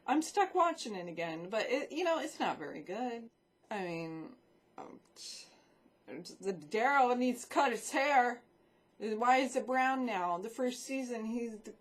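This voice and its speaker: A woman vlogging in a casual, rambling chat about films and shows she watched, swearing freely as she talks into a desk microphone. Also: medium pitch.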